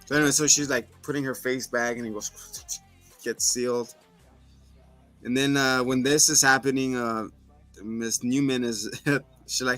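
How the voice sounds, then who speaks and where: Man, casual co-host, bright forceful tone, dry close sound, faint music behind. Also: medium pitch, normal speed, pauses often, no room sound. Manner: laughing, animated retelling with quoted voices. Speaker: podcast co-host. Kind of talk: casual chat recapping a TV show.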